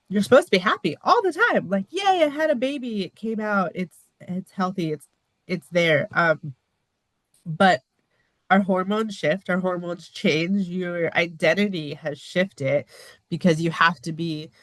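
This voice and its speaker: A woman from the United States, a podcast guest talking openly in a casual interview, earnest and expressive, with small laughs and lively pitch jumps when she quotes others. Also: no room sound.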